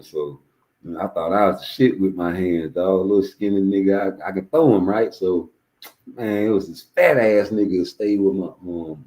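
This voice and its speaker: A man's voice: sits low, darkish tone, low-quality recording. A man hosting a livestream, telling a story in loose, profane, rambling street talk. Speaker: livestream host.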